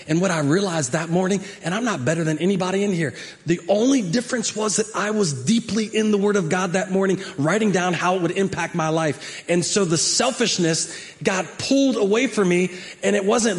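A man preaching a sermon as a pastor, animated and emphatic, with conversational asides to the congregation. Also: sits high, brisk. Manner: animated, emphatic preaching that acts out prayers and climbs to shouts.

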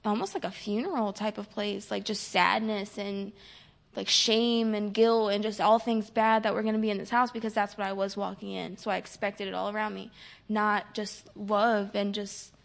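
A young woman in a recovery program gives a casual personal testimony, packing her speech with "like" and quoting conversations she had with others. Her voice is mid-range and gravelly, with little pitch movement, and she talks at a normal speed.

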